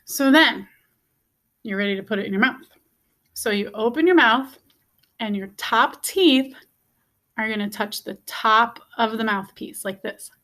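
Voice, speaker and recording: A woman's voice: fairly high pitch, unhurried, long pauses, fairly bright tone. A woman teaching a beginner music lesson, patiently repeating each step and checking in with "okay?". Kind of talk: instructional video lesson.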